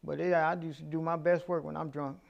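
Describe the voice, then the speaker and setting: A comedian in his fifties telling stories in a casual interview, lively and profane. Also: on the high side, a little fast, gravelly, muffled recording. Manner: animated, profane storyteller. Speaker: comedian guest.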